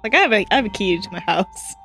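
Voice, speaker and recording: Female player, mid pitch, chatty and explanatory, faint music bed. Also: lively intonation, quick pace, pushed and bright. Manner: chatty, explains her character's actions. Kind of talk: playing a tabletop game.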